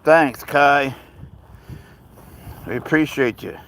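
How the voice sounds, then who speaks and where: A man's voice: mid-range voice, expressive, slow, a bit bright, low-quality recording. A man hosting a casual live stream outdoors on a walk with his cat, rambling easily through viewer questions and baby-talking his pet. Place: outdoors on a walk near a road.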